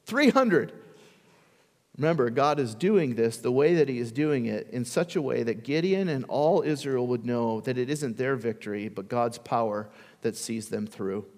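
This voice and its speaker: A man's voice: medium pitch, normal speed, a little mellow, in a large hall. A male pastor preaching a sermon in a conversational way, often putting questions to the congregation.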